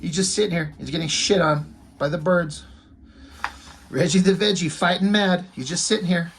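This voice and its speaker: A man's voice: high-pitched, fairly even intonation, moderate pace, a little hiss or hum. A man giving a casual comic book review, talking in an offhand, wry and rambling way.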